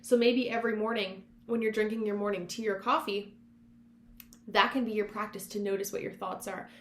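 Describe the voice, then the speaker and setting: A woman's voice: mid-range voice, steady tone, brisk, fairly bright tone. A woman hosting a self-help podcast, talking in an encouraging, conversational coaching manner, drawing on her past work as a counselor. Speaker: podcast host; former counselor. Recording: roomy echo with faint hum.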